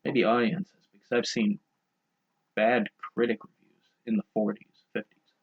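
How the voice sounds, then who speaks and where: This young man co-hosts a podcast, rambling through crude jokes in a casual, unhurried way. His fairly low voice is slightly rough with a flat delivery. The podcast's sound quality is dull and lo-fi.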